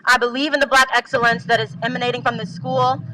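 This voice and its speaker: A woman's voice: a little high, steady tone, fast, bright, forceful tone, low-quality recording. A young woman student giving an emphatic, rallying protest speech on a handheld mic at an outdoor gathering. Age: young adult.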